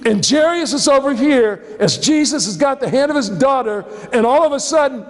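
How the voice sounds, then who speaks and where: A man preaching a sermon as a pastor, telling the story in an animated way and acting out the scene. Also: very high-pitched, moderate pace. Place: church. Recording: long church hall reverb.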